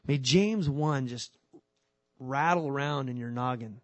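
A man preaching a sermon in a casual, animated way, moving between loud emphasis and quiet, earnest lines. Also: medium pitch, measured pace, no room sound. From California. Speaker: pastor.

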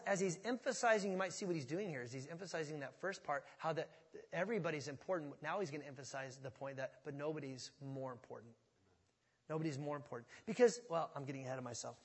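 A man's voice: a little high, quick pace, breathy edge, long reverb tail. A man preaching a conversational sermon to a congregation, often checking in with questions. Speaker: pastor. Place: church sanctuary.

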